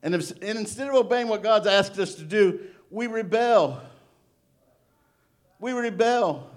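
A middle-aged male pastor giving a sermon, animated and playful, acting out little voices as he preaches. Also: sits high, measured pace.

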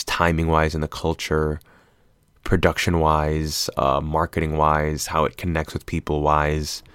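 A young man with a very deep voice talks through films in a loose, profane, meandering way. He curses freely and jumps from thought to thought. The sound is close and dry, with no room around him. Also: dry recording. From half Filipino, US-based. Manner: profane, animated, rambling. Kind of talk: casual film commentary.

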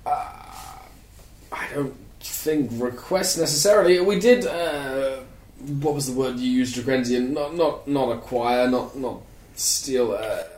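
A man's voice: mid-range voice, unhurried, a little mellow. Guy playing a tabletop game, stumbly and unsure, echoey room, bit of background noise. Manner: hesitant, stumbling over words. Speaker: player. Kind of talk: casual tabletop role-play.

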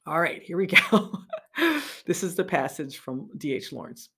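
A middle-aged woman giving an animated literature lecture, reading passages aloud and laughing between remarks. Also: lowish voice, a little slow, gravelly, breathy edge.

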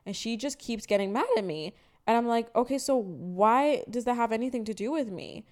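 A woman in her twenties co-hosting a podcast, chatting casually and telling animated stories with acted-out quotes. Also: a little high, normal speed. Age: 20s. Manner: animated storytelling, acts out quotes. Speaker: podcast co-host. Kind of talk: casual chat.

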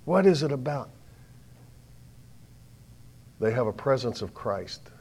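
An older man preaching a sermon, telling a story dramatically and swinging from hushed tones to loud ones. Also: mid-range voice, expressive, fairly quick, husky.

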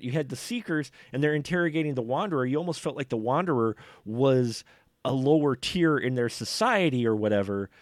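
A man's voice: mid-range voice, dry recording, clean studio sound. A man co-hosting a podcast in casual film review chat, rambling and often restarting and repeating his words. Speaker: podcast co-host.

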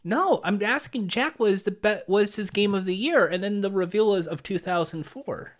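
A man co-hosting a comedy podcast, joking in a mock-serious way that swings from soft to loud. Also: high-pitched, moderate pace. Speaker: podcast co-host. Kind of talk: casual comedy banter.

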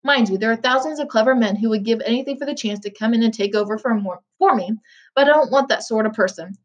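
A woman reading the lines of an eccentric, brisk old male candy maker in a storybook, with a lively delivery. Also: fairly high pitch, highs cut off, close to an everyday voice.

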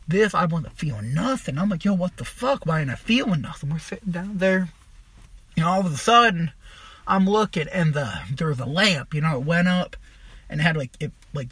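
A young man tells a profane, meandering story, getting animated as he goes. His voice sits high and slightly husky. The sound is dry and close, with no room echo. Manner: profane, rambling, animated retelling. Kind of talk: casual storytelling monologue.

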